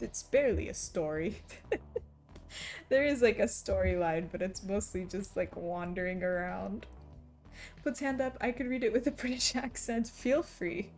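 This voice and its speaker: On a live stream, a young woman chats casually, responding to her chat and laughing often between remarks. Her voice sits at medium pitch with a darkish tone, and faint music plays in the background.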